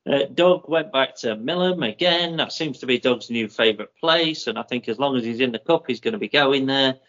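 A man co-hosting a running podcast, working through race results in a steady, methodical way with plenty of ums. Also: mid-range voice. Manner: methodical, with many ums and drawn-out names. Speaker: podcast co-host. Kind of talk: casual chat, reading out running results. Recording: muffled lo-fi audio.

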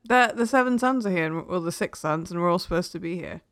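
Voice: mid-range voice, fast, a bit bright, no echo. Tabletop player, playful, bantering, dry close recording. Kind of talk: casual game chat.

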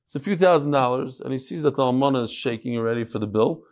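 A man teaching a Talmud class as a rabbi, telling stories in a lively way and talking straight to his students. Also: medium pitch, fast. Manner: animated, talks straight to the class. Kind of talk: lively lecture with storytelling.

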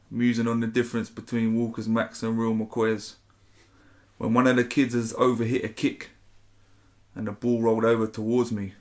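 Man, 30s, spoken word poet, rambling, swears, mid-pitched voice. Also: fairly bright tone. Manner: swears casually, rambling, says "innit". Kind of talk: casual chat and poetry reading.

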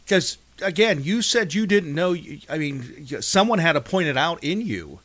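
A man hosting an interview, asking questions in a halting way with repeated words. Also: a little high, very animated, a bit bright, no echo. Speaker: interviewer host.

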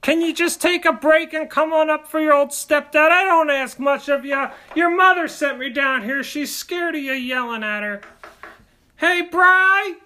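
A man doing a whiny, rambling blue-collar stepdad in a comedy sketch, calling downstairs in a high, bright, pleading voice and never quite getting to the point. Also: measured pace, exaggerated voice. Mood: nagging. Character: nagging middle-aged blue-collar stepdad.

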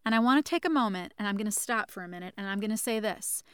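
This mental health podcast host speaks fast in an expressive, mid-range voice that's fairly bright and clean. She teaches emphatically, repeating key ideas and speaking to listeners as friends, captured dry and crisp on a studio microphone.

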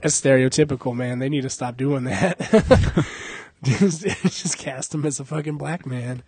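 A man's voice: medium pitch, unhurried, a little mellow, breathy edge, no echo. A young adult man hosting a casual podcast, joking, cursing and laughing a lot. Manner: profane, joking, laughs often. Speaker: podcast host.

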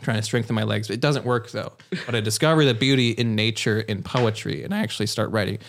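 A man's voice: on the low side, fast, creaky. Guy riffing a goofy story on a podcast, restarts a lot, faint noise behind. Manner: rambling, restarts, puts on silly voices. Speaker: podcast guest. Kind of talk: casual comedic storytelling.

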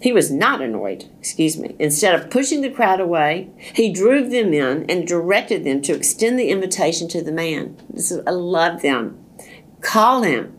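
A woman reads a devotional text in a lowish voice. Her delivery is slow, earnest and deliberate, with the odd stumble she corrects as she goes. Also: animated. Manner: slow, deliberate, earnest reading with occasional slips and restarts. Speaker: devotional reader. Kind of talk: devotional reading.

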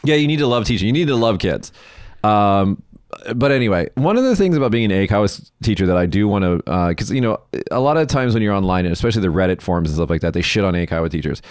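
A man's voice: fairly low pitch, expressive, fast talker, dry recording, studio quality. A man hosting a casual chat, telling stories bluntly with lots of swearing and acted-out quotes. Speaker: podcast host. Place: lives in Japan.

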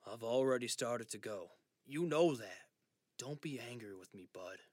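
An ailing father facing memory loss, calm and gently insistent, as a man voices him in an audiobook. His pitch moves a lot. The voice sits close and dry. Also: unhurried, no room sound. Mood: resolved, tender. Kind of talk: audiobook dialogue reading.

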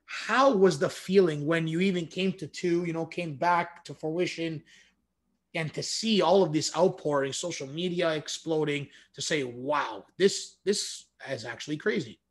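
A man's voice: a little high, steady tone, normal speed. A man hosting an interview, asking long, rambling questions that often stop and restart. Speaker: host. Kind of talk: casual interview.

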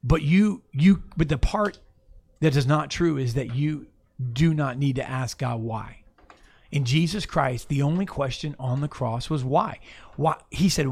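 With a voice on the higher side, a bit mellow and measured in pace, a pastor gives an unplanned sermon. He addresses the room casually, backs up to restart lines, and asks listeners to look up passages.

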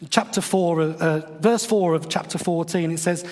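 A man's voice: a little high, steady tone, moderate pace, a little mellow, big-room sound. A man, retelling a Bible story in a chatty, wry way with playful asides, as a podcast host. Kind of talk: casual devotional storytelling.

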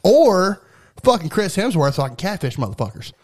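A man's voice: high-pitched, sing-song, a little fast. A man co-hosting a podcast in casual, profane chat, sarcastic and telling stories. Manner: crude, sarcastic, storytelling. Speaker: podcast co-host.

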